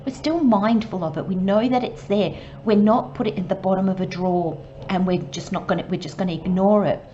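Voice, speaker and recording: A woman giving a channelled tarot reading, talking slowly and gently and sometimes dropping to a soft murmur. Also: mid-range voice, highs cut off, a little hiss or hum. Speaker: tarot reader.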